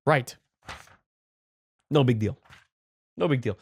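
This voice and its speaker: Brash, profane comedy host. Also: male voice, fairly high pitch, lively intonation, normal speed, no echo, studio quality. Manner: brash, profane, mock-exasperated riffing. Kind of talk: comedic news commentary.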